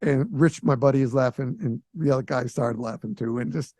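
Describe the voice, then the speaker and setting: A man in his sixties hosting a podcast, telling a story in a lively way and acting out the voices of the people in it. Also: mid-range voice, brisk, no echo. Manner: animated storyteller who acts out quoted voices. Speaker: podcast host. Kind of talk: casual storytelling.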